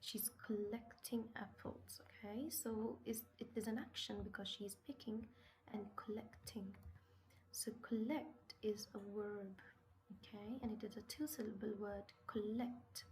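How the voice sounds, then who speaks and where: A woman's voice: medium pitch, steady tone, measured pace, darkish tone, rough recording. A woman teaching English vocabulary, asking questions and answering them herself, stressing key words. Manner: patient, asks and answers her own questions. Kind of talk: slow classroom explanation with questions.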